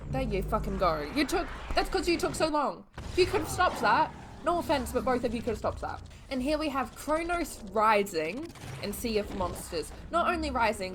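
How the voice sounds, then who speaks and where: A young Australian woman reacting to films, exasperated and swearing as she yells at the screen. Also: on the high side, noisy background. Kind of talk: casual reaction commentary. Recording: film audio playing behind.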